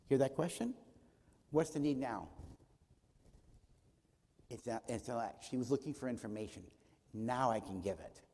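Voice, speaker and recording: Warm-voiced man teaching in a reverberant church. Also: medium pitch, normal speed, long pauses, slightly rough. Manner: rhetorical questions answered by himself; acts out short dialogues in his talk. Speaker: conference speaker. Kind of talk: teaching talk at a church conference. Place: church auditorium.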